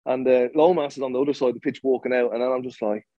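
A man's voice: mid-range voice, fairly even intonation, rapid-fire, no room sound, muffled recording. A man who played professional football, telling a story in an interview, blunt and swearing freely, with lots of restarts.

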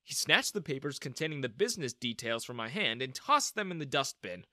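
Expressive male storyteller, bright tone, lively pitch, dry booth sound. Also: brisk, dry recording. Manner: dramatic, expressive. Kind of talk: first-person story narration.

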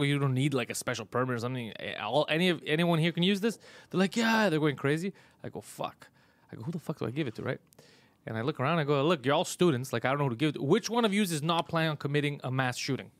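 A man's voice: medium pitch, dry recording. A man hosting a casual livestream chat, a teasing, profane storyteller who sounds tired from travel. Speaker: comedian and podcast host.

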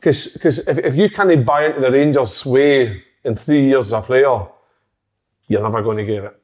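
A man's voice: mid-range voice, moderate pace, darkish tone. A man talking football as a pundit, making his points emphatically in casual chat.

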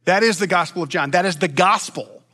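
A man preaches from the pulpit in a long-winded, animated way, often restarting his sentences. His voice sits fairly high and sounds bright and forceful. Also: a little fast. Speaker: pastor. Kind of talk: sermon.

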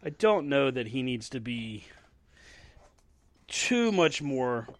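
A man's voice: mid-range voice, big pitch swings, slow pace, dry recording. A man co-hosting a casual wrestling podcast, chatty and laughing often, with hiccups. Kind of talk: casual chat.

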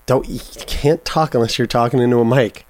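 A man's voice: mid-range voice, fairly quick, dry recording. Male podcast co-host, loose and profane, dry close mic. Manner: profane, animated, joking. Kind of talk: casual podcast banter. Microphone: studio mic.

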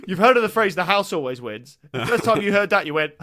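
Bright high-voiced joking man. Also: sing-song. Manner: playful, quick to riff and laugh. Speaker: podcast co-host. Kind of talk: comedic banter.

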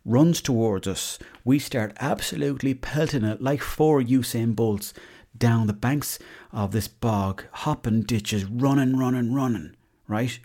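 An Irish man hosts a podcast, telling tall-tale comic stories in a chatty, casual way and swearing freely. His voice sits in the mid-range, mellow in tone, with a measured pace.

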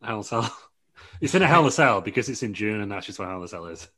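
A man casually pitching a made-up storyline, laughing often and rambling into quick impressions. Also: lively intonation, fairly bright tone, breathy edge.

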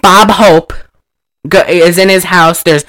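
A man casually retelling an old film, animated and profane, laughing often and acting out the characters' lines. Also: high-pitched, takes it slowly. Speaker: movie recapper.

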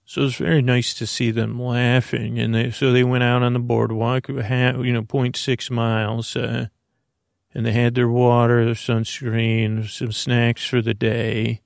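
A man's voice: medium pitch, completely flat delivery, a little slow, gravelly, dry recording, studio quality. A man hosting and telling a bedtime story, rambling along with many uhs and restarts. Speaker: storyteller host.

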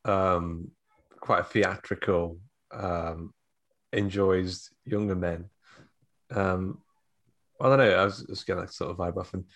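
A man chatting casually with friends, halting with fillers and dropping wry asides. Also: sits low, fairly even intonation, fairly bright tone. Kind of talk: casual chat.

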